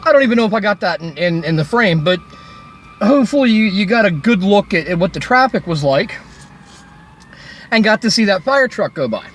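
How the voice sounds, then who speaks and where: A man's voice: high-pitched, expressive, brisk, fairly bright tone, a little hiss or hum. A man ranting angrily into his phone by a road, swearing heavily and sarcastically. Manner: furious, heavy swearing, sarcastic. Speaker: vlogger. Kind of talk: angry roadside rant. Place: recorded while by a road.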